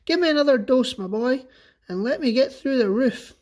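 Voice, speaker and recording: A man's voice: very high-pitched, normal speed, voice pushed up. A man voicing a greedy, wild old grandmother with a screechy, shrieking voice in a storybook reading. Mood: demanding. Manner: shrieking and excited.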